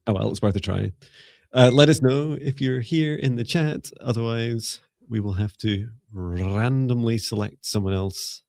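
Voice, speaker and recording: A man with a low, gravelly voice chats slowly and playfully on a live stream, cracking teasing jokes between readings. His voice is close and dry, with no room around it. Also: mellow, no echo. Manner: playful and joking, with quick teasing asides. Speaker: psychic mentor co-hosting a live reading stream. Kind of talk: casual live-stream chat.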